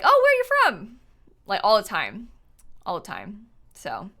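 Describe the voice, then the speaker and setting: A woman in her twenties chatting casually on a live stream while gaming, animated and laughing often as she answers her chat. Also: mid-range voice. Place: home setup, lives in Florida.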